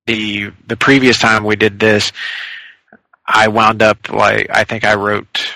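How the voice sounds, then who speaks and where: Male podcast guest, low gravelly voice, rambling casual talk. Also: little pitch movement, slow pace, pushed and bright, no echo, rough recording. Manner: rambling, thinking aloud with fillers.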